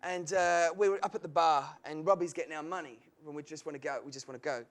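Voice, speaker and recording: A man's voice: on the high side, quick pace. A man, a comedian guest, telling funny stories on a live talk show and laughing through them. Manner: animated storyteller, laughs through his tales. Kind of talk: anecdotal talk show chat.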